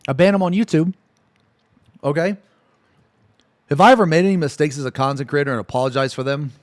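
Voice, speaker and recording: A man's voice: fairly high pitch, brisk, dry recording, studio quality. A man, a streamer ranting on a livestream in a profane, exasperated and sarcastic way. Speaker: Twitch streamer.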